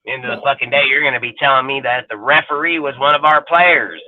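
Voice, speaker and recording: A man's voice: mid-range voice, fast, few pauses, no room sound. A man in his forties ranting heatedly about football in a crude, rambling way, swearing constantly. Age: 40s. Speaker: podcast co-host. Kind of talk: profane sports talk rant. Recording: tinny phone-like audio, dry.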